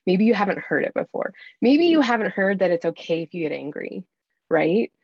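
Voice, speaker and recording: A woman's voice: mid-range voice, very animated, brisk, darkish tone, breathy edge, no echo, highs cut off. A middle-aged woman talking earnestly as a faith-based parenting coach in a casual podcast interview.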